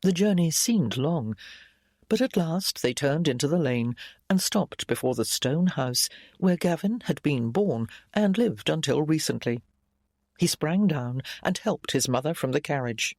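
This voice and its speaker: A male audiobook narrator telling a period romance with an animated, lively melody. The recording is dry and close, with no room sound, and his manner is expressive and engaged. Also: fairly high pitch, measured pace, no room sound. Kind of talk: scripted narration.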